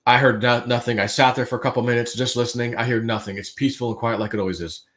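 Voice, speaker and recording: A man on a livestream telling a story casually, acting out his own quotes and swinging between hushed and loud. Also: medium pitch, steady tone, rapid-fire. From United States.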